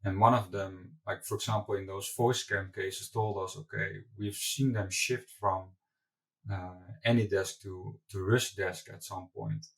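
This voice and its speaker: A man's voice: on the low side, fairly even intonation, a little slow, gravelly, fairly bright tone, far from the mic, rough recording. A man, a company founder being interviewed, answering candidly with loose asides and restarts. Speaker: company founder and CEO, guest.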